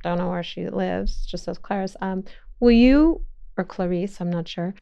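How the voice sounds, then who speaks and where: A woman's voice: on the low side, normal speed, gravelly, warm tone, highs cut off. A middle-aged woman hosting a podcast, chatting casually and telling stories with frequent laughs. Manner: chatty storyteller who laughs often. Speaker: podcast host. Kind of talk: casual chat.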